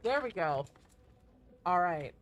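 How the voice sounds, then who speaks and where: A woman's voice: takes it slowly, muffled recording, a little hiss or hum. A woman streaming a game, chatting casually, joking and swearing as she greets viewers. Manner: joking, swears, bursts into high excited greetings.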